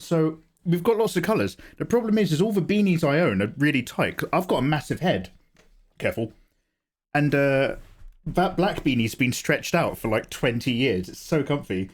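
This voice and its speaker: A man, slightly hoarse from a cough, casually chatting and joking with viewers while he draws on a live stream. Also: fairly high pitch, animated, normal speed. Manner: chatty, joking, greets chat by name. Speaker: art streamer.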